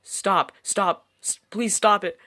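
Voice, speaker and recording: A man voicing a hoarse, terrified person pleading for help in a horror story. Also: sits high, steady tone, slow pace, pushed and bright, pitched above the performer's own voice, heavily acted. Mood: desperate. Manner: sobbing, pleading, in agony.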